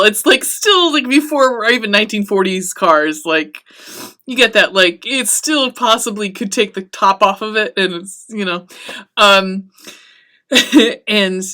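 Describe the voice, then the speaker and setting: A woman hosting a podcast, recapping a TV episode in casual, profane chat and acting out the characters' lines. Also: mid-range voice. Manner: chatty and excitable, swearing often, acting out the characters' lines.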